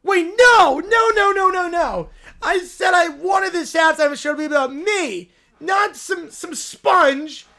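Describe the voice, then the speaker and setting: A man voicing a spoiled, self-centered little boy who whines and shouts in a panic. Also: very high-pitched, slow, voice pushed up, full character voice. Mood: whining.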